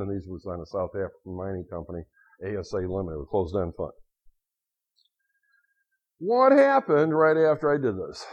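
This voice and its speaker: A middle-aged man lecturing on finance to a class, telling lively anecdotes and acting out quotes, in a dull lo-fi recording. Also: lowish voice. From United States.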